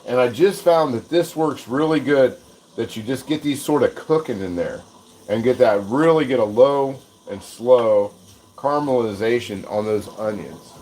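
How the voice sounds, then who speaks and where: A man's voice: medium pitch, a little mellow, slight background noise, poor audio. An American man hosting a live cooking stream, chatting casually and self-deprecatingly, often chuckling as he rambles. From United States. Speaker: livestream cooking host. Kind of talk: casual livestream chat while cooking.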